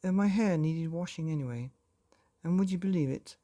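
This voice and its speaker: A man's voice: fairly high pitch, moderate pace, dark tone, lightly acted. A man voicing a doting, apologetic middle-aged mother who chatters fussily. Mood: chattering. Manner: fussy, apologetic.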